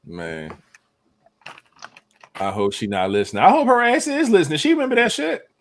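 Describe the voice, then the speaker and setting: A young man hosting a podcast, telling a profane story in casual, animated talk. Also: fairly high pitch, normal speed. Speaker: podcast host.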